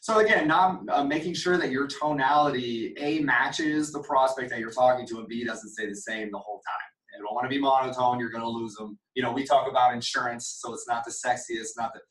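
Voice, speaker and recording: A man's voice: mid-range voice, a little fast, few pauses, fairly bright tone. A man leads a casual sales meeting, coaching his team and acting out sample phone calls. He sits a little away from the mic, and the room gives his voice a noticeable echo. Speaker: sales trainer. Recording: echoey room, mic at a distance.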